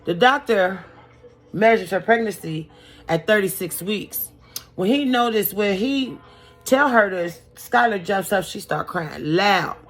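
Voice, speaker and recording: A woman's voice: mid-range voice, animated, a little slow, fairly bright tone, soft background music. Chatty, sassy woman doing a makeup storytime. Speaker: beauty vlogger.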